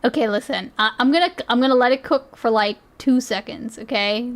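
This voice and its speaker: A woman's voice: on the high side, a little fast. A woman streamer reacting live to videos, giggly and rambling, with lots of fillers.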